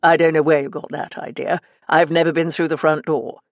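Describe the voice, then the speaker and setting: A man's voice: on the high side, little pitch movement, fairly quick, gravelly, no echo, muffled recording. A woman voicing a cold, hostile middle-aged male antiques dealer who talks down with a sneering, condescending manner, in an audiobook. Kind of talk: audiobook character reading.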